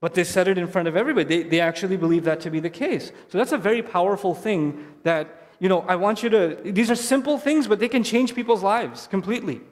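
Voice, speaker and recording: A middle-aged man giving a lively stage talk to parents, telling stories and repeating key phrases. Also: sits high, fast, hardly any pauses. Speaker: speaker at a family event. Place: hall on stage. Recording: long hall reverb.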